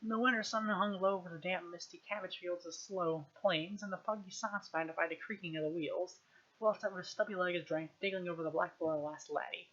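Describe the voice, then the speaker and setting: A woman's voice: on the low side, fairly even intonation, fairly quick, fairly bright tone, dull audio. A woman reading a novel aloud on a stream, in an unpolished way with frequent slips and restarts. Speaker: reader. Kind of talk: casual audiobook reading on stream.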